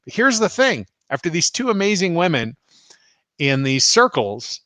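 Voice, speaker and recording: Laughing spiritual teacher on a live stream. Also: male voice, a little high, normal speed, dry recording. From United States. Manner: laughs often, animated retelling.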